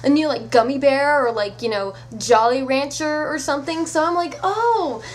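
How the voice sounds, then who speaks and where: A woman vlogger telling a story to camera in a casual, animated way, incredulous and swearing offhand. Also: high-pitched, normal speed.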